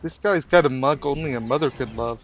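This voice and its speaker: A man's voice: mid-range voice, a little fast, lo-fi sound. A man streaming a game live, chatting casually and teasing his viewers. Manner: joking, teasing chat, mock British phrases. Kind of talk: casual live gameplay commentary.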